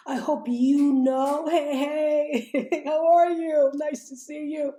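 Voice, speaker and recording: Fiery woman life coach, high mellow voice. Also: steady tone, slow pace. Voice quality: slightly strained voice. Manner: fiery, preachy, calls listeners "my loves" and "honey"; chants and sings short refrains. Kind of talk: motivational livestream talk. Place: home setup, streaming live. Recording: roomy echo.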